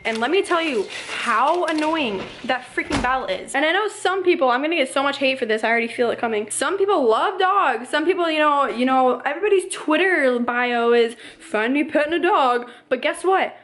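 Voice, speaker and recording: Woman, 20s, vlogger, rambling rant, lots of "like", highish pitch. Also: expressive, fairly bright tone, slight background noise. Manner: fast, rambling, full of "like". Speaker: vlogger, young mother. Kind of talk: casual ranting vlog to camera.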